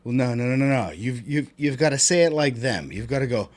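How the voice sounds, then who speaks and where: A man co-hosting a casual podcast, animated and playful, often laughing. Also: mid-range voice, a little fast. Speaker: co-host.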